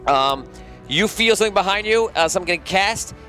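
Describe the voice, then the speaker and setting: A man's voice: sits high, lively intonation, fairly quick, pushed and bright, faint music behind. Amused man running a tabletop game. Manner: loose and amused, laughing as he narrates. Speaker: game master.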